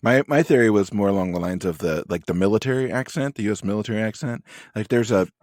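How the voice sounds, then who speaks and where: A man's voice: lowish voice, fast talker, a little mellow, dry recording. A man co-hosting a podcast in casual chat, rambling with dry humor. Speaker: podcast co-host.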